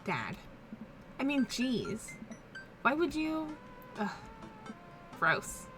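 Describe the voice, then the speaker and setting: A woman's voice: fairly high pitch, big pitch swings, slow pace, music in the background. A woman voicing a moody teenage daughter who groans in exasperation while reading a dating-game story aloud. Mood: exasperated.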